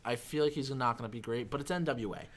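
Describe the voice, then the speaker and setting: A man's voice: medium pitch, fast. A man co-hosting a podcast in a casual chat, blunt and opinionated. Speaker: podcast co-host.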